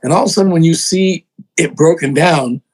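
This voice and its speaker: An older man, a songwriter and producer, telling animated stories in an interview, acting out other people's voices and poking fun at himself. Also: a little high, fairly quick, slightly rough, rough recording. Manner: excitable, acts out voices in quotes, self-mocking.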